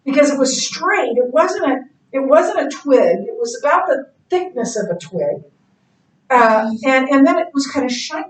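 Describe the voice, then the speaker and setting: A middle-aged woman teaching a Bible class in a casual, animated way, telling stories and laughing easily. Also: high-pitched, moderate pace. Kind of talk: casual classroom lecture with anecdotes. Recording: echoey classroom, distant mic.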